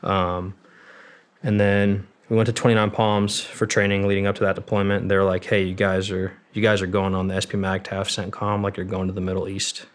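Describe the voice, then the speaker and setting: A man's voice: sits low, little pitch movement, fairly quick. A young man in his twenties, a former Marine and podcast guest, recounting his service in a candid, rambling way with fillers and some swearing. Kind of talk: casual storytelling interview.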